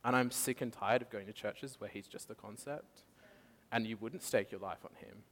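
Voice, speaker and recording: A man's voice: on the low side, normal speed, a bit bright. A man preaching a passionate testimony sermon in a church hall, telling his story with frequent laughs. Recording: long reverb of a church hall.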